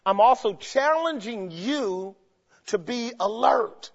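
High-voiced preacher in an echoing hall. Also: male voice, animated, slow, vocal fry. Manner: emphatic, swings between shouts and low murmurs, asks the crowd rhetorical questions. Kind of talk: sermon. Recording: dull sound with long hall reverb.

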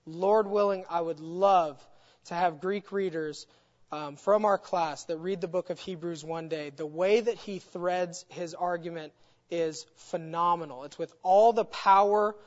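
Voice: mid-range voice, measured pace, a little mellow. Emphatic Bible teacher in an echoey hall. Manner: emphatic, builds points through repetition. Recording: echoey hall, dull lo-fi sound.

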